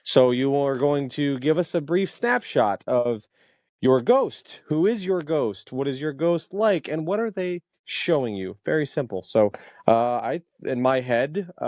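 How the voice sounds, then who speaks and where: A man's voice: medium pitch, a little mellow, no room sound. A man in his thirties hosting a podcast, with playful, emcee-like announcing. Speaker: podcast host.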